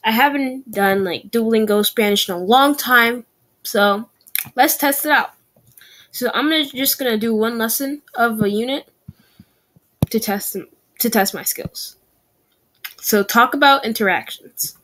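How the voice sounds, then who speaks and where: A woman's voice: a little high, a little slow, fairly bright tone. A young adult woman chatting casually in a language-learning vlog, talking through her practice and correcting herself as she goes. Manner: chatty, self-correcting, repeats practice phrases aloud.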